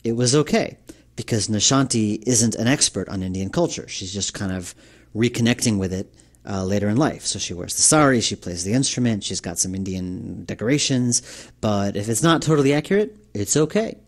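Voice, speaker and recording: Game developer from New York, man; casual, rambling commentary, lowish voice. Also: lively intonation, normal speed. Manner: rambling, many fillers and restarts.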